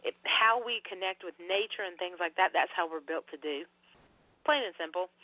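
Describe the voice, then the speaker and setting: A woman's voice: fairly low pitch, normal speed, no room sound. Woman guest on a podcast, earnest and rambling, tinny dry phone sound. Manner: rambling, earnest, full of fillers. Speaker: guest, paranormal researcher. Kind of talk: casual podcast conversation.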